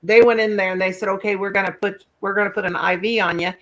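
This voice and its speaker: A woman's voice: mid-range voice, steady tone, a little hiss or hum. A woman hosting a live stream, chatting casually and telling a rambling story. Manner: rambling storyteller, quick asides, folksy. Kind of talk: casual chat.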